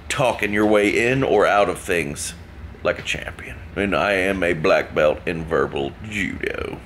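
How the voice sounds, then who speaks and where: A man's voice: fairly low pitch, a bit bright, slight background noise. A man casually telling a rambling, joking story to camera. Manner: rambling, joking, laughs at himself. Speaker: vlogger.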